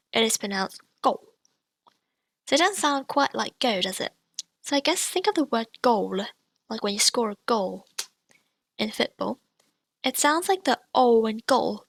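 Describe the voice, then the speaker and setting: A woman teaching pronunciation in a scripted online lesson, patient and clear as she demonstrates each sound. Her voice sits a little high and has a gravelly, fried edge. The recording is close and dry, with no room sound. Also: a bit bright, dry recording. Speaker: language teacher.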